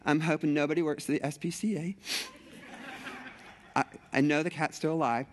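Male pastor, sermon, lively storytelling, acts out scenes, slightly high voice. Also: normal speed. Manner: animated storytelling, acting out scenes.

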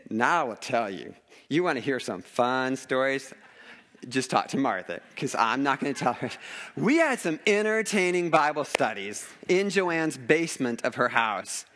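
A male pastor delivers a sermon in a church, speaking in a very expressive, swooping voice. He tells stories in an animated way, acts out each quoted line and often laughs. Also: mid-range voice, moderate pace, slight background noise.

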